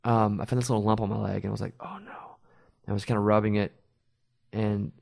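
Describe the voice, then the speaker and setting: Animated male radio host telling stories. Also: on the low side, fast talker, creaky. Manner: animated, storytelling with quoted voices. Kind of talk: casual chat.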